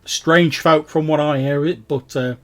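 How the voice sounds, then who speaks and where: A man voicing a weathered old ferryman with a pipe, talking in a halting, folksy way with stammers and fillers. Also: a little high, steady tone, fairly bright tone, voice pushed up. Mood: wistful, folksy.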